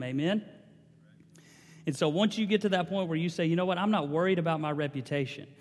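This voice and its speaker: A man's voice: a little high, big-room sound. A man preaching a sermon as a pastor, building intensity with repeated phrases.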